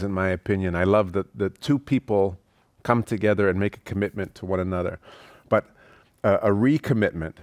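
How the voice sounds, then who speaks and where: A man with a fairly low voice gives a sermon in a loose, storytelling way. He restarts phrases and uses fillers as he goes. The sound is dry and close, with little room around it. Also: dry recording. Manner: casual and warm-hearted, frequent restarts and fillers. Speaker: pastor.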